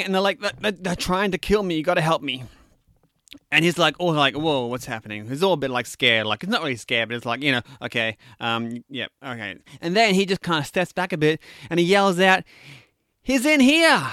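A man talks through a movie review in a loose, rambling way, full of fillers and restarts. His voice is fairly high for a man, smooth and clear. The recording is dry and close. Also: fairly bright tone, dry recording. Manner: rambling, filler-heavy, acts out scenes in quotes.

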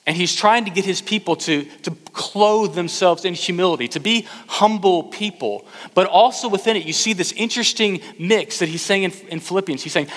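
A fairly high-voiced man preaching in a church sanctuary, his words trailing off into the long reverb of a large hall. He presses his points by repeating them, climbing to loud urging and then dropping to a hushed, earnest intensity. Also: expressive, moderate pace, hardly any pauses. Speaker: pastor. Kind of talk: sermon.

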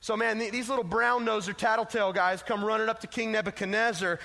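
A man's voice: high-pitched, steady tone, quick pace, creaky, bright, forceful tone. A man preaching a casual, emphatic sermon to teenagers as a youth pastor, telling a story, in an echoey hall.

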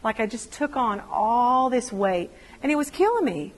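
Animated woman preaching in a hall. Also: on the high side, moderate pace. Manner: animated storytelling, acts out quotes. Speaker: women's ministry speaker. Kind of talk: personal testimony sermon.

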